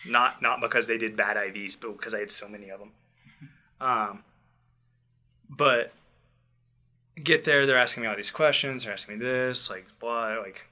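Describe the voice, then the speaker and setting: A young man casually telling a personal story, acting out quotes and dropping quiet in tense moments. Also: on the low side, normal speed. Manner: animated, acts out quotes loudly then drops to quiet. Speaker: podcast host telling a story.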